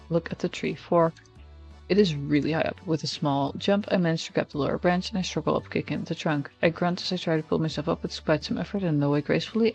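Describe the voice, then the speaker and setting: A man's voice: on the high side, vocal fry, darkish tone, breathy edge. A man streaming, reading a text game aloud in first person with casual, wry asides. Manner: casual, wry asides between narrated lines.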